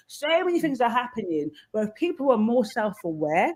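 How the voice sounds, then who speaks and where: A woman's voice: a little high, expressive, rapid-fire, few pauses, a little mellow. A woman guest giving candid advice in conversation, acting out the voices of people she quotes. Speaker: podcast guest.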